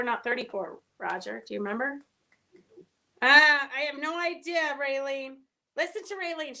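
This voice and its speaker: On a live stream, a middle-aged woman answers comments from viewers and spins stories, leaning heavily on filler words in a chatty way. She speaks in a high, bright, pushed voice.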